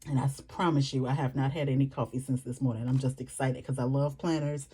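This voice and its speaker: A middle-aged woman, chatting excitedly and fast to her viewers in a home vlog, calling them y'all. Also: a bass voice, breathy edge. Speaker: planner vlogger. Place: home desk.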